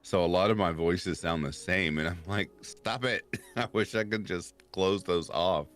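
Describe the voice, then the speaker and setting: A man hosting a casual podcast chat, with a deep voice full of rumbling subharmonics. He laughs often and tells stories in an animated way. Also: moderate pace, soft background music. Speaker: podcast host and horror narrator.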